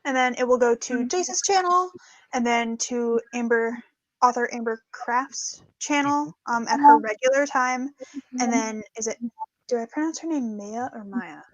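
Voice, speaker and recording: A woman's voice: a little high, normal speed, no echo, dull audio. A woman guest streamer chatting casually, self-deprecating and laughing as she talks. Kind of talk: casual livestream chat.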